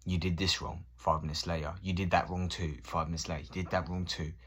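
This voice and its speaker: A man's voice: deep voice, flat delivery, fast, breathy edge. A man in his thirties ranting casually to camera, swearing and acting out both sides of conversations. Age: 30s. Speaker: vlogger.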